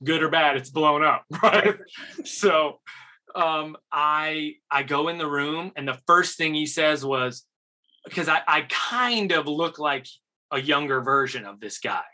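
Bright-voiced, animated male actor. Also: on the high side, slow. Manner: animated, laughing, acts out quotes. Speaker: actor and interview guest. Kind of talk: casual storytelling interview.

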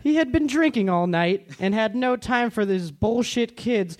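A man, a comedian, reading a comic story in a deadpan storybook manner at a comedy club. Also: sits high, a little slow.

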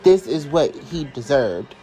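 Excitable man gushing in live reaction. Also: mid-range voice, slow, rough recording. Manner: casual and sassy, calls listeners y'all and honey. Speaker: wrestling fan vlogger.

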